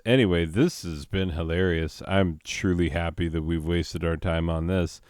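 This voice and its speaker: A man's voice: sits low, steady tone, unhurried, few pauses, darkish tone, smooth, no echo, clean studio sound. A man hosting a comedy video, talking in an exasperated and sarcastic way. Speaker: host. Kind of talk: comedic banter.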